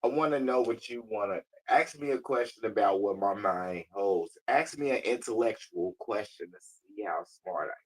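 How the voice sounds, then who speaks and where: Low husky guy on a live stream bossing his voice assistant around, cussing and slangy. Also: low-quality recording. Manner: blunt, slangy, profane, laughs often; says he talks fast. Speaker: livestreamer talking to a voice assistant. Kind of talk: casual live-stream chat.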